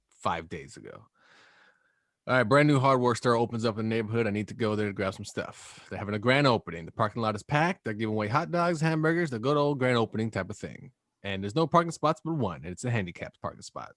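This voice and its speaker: A man's voice: on the low side, fairly bright tone, dry recording, clean studio sound. A man co-hosting a podcast, telling a story in loose, rambling casual chat. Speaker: podcast co-host.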